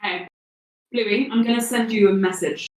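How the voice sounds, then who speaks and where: A woman's voice: medium pitch, fairly even intonation, normal speed. Give me a woman game master who narrates hesitantly, recorded in a roomy space. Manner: hesitant with frequent fillers. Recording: echoey room.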